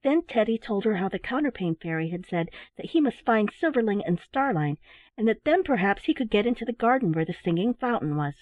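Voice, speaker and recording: A woman narrating a children's bedtime story in a gentle, expressive reading voice. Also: mid-range voice, fairly quick, no echo. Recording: dry, phone-like narrow sound.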